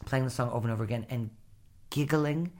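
A woman's voice: very deep voice, quick pace. A woman from Rhode Island co-hosting a casual podcast, telling stories expressively. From Rhode Island, USA. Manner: expressive storyteller, does voices. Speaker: podcast co-host. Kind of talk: casual chat.

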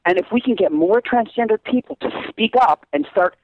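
A man who teaches acting, talking in a casual interview with an animated, emphatic manner. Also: brisk, no room sound. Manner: animated, emphatic, swoops up and down in pitch. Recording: dull lo-fi recording.

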